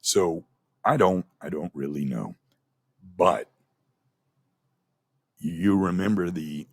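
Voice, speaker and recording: A man's voice: low-pitched, slow, long pauses, husky, no echo. Man, middle-aged, former radio host, plainspoken, aggrieved storytelling, dry close sound. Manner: plainspoken, aggrieved, recounts dialogue in quotes. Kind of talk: candid personal storytelling monologue.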